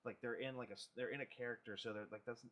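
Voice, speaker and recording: A young man hosting a podcast in laid-back casual chat, often saying "dude" and breaking into loud laughing exclamations. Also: mid-range voice, steady tone, very fast. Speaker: podcast host.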